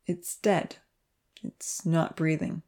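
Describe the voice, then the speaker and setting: A woman's voice: on the low side, animated, darkish tone. Uncle Louis, a woman voicing a grave kindly man. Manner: slow, heavy, measured speech. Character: calm, kindly grown man caretaker.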